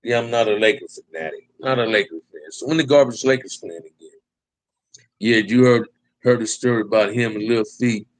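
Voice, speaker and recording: A man's voice: fairly low pitch, fairly quick, no echo, rough recording. A man from Compton hosting a casual live stream, reading viewer comments and answering them in laid-back, slang-heavy talk that keeps ending on "man". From Compton, California. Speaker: livestream host.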